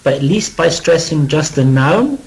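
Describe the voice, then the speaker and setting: A British man gives a pronunciation lesson, modeling each word clearly so his students can echo it. His voice sits a touch higher than most men's, and he keeps the lesson conversational with joking asides. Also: lively intonation, normal speed. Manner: demonstrative, leads students through word repetition. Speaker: English teacher.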